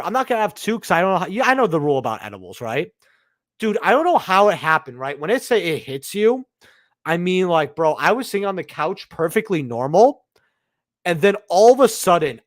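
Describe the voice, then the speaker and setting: A man's voice: on the high side, no echo, studio quality. A young man hosting a live stream, chatting casually in a rambling way, with slang and swearing. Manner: slangy, swearing, rambling storyteller who says "bro". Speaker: livestream host.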